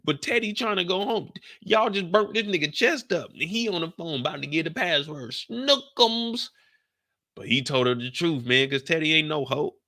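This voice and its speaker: A man hosting a live after-show, talking in a loose, profane, animated way. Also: normal speed. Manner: animated, profane, swings into high exclaiming bursts. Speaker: show recap host.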